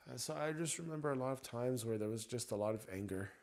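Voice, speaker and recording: Gravelly man venting in a raw monologue. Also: medium pitch, a little fast. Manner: raw, profane, swinging from ranting to quiet reflection. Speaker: EFT tapping coach. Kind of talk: emotional personal monologue.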